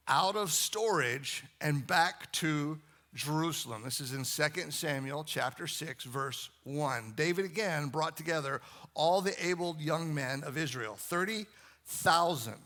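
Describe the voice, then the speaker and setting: A pastor giving a sermon, telling the story in a relaxed, conversational way and turning to the congregation with questions. His voice is bright and forceful and sits a little high for a man.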